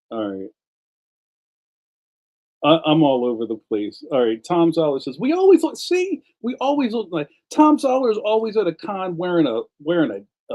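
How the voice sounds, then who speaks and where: On a relaxed livestream, a cartoonist rambles through slang-filled stories, laughs frequently, and reads out comments from viewers. His voice sits on the high side and is a little mellow, though the recording sounds muffled.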